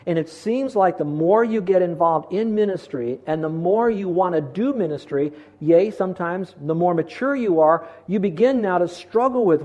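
Mellow-voiced man preaching a sermon. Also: sits high, highs cut off. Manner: earnest, direct preaching with rhetorical questions. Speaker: pastor.

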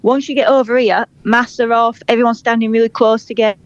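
A woman's voice: on the high side, fairly even intonation, fast, lo-fi sound. A woman with a Yorkshire accent from Huddersfield, co-hosting a casual podcast chat remotely, blunt and cheeky with broad northern slang and frequent laughter. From England, Huddersfield. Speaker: podcast co-host. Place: at home in England, calling in remotely.

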